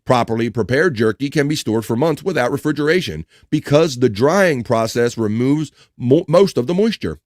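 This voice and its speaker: A man hosts a relaxed live stream, chatting loosely, reading trivia and chat messages aloud. He jokes often, trips over hard words and swears when he fumbles. His voice is recorded close and dry, with no room sound. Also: mid-range voice, normal speed, few pauses, no echo. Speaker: livestream host.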